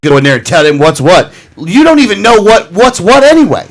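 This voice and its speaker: A man's voice: high voice, big pitch swings, fairly quick, a little hiss or hum. A man hosting a political talk radio show, ranting and bantering with his co-host, interrupting himself with apologies and laughs.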